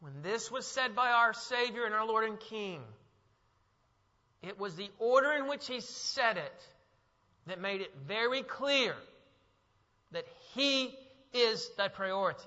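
A male pastor preaching a sermon in a church, moving from hushed reflection to emphatic, rising delivery. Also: high voice, lively intonation, measured pace, pauses often. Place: church sanctuary. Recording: muffled sound with long hall echo.

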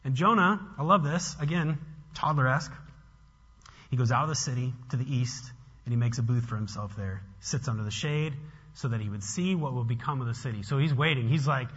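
A man preaching an expository sermon in an animated, conversational way, often restarting his sentences. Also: fairly high pitch, brisk, slightly rough. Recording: long hall reverb, dull lo-fi sound.

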